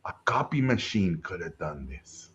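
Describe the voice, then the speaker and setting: A man putting on the voice of a blunt older art professor who talks slowly and softly with inverted phrasing. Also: deep voice, big pitch swings, highs cut off, voice pushed down. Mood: harsh. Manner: Yoda-like inverted phrasing, slow, hushed.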